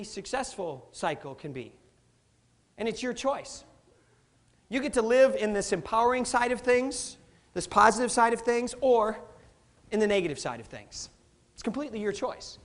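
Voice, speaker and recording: A middle-aged man giving a live motivational talk, energetic and playful, quizzing the audience and laughing often. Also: very high-pitched. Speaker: motivational speaker.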